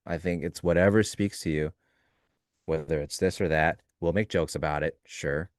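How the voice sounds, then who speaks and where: Deep-voiced man chatting casually on a live stream. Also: moderate pace, dry recording, clean studio sound. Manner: loose, joking, talks through ideas in fragments. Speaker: co-host of a live trading stream.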